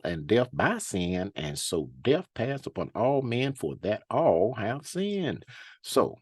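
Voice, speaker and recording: A man teaching the Bible in an informal sermon, reading scripture slowly with heavy emphasis and breaking off to comment in folksy asides and rhetorical questions. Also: lowish voice, big pitch swings, breathy edge, no room sound. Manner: conversational with rhetorical questions and drawn-out hums.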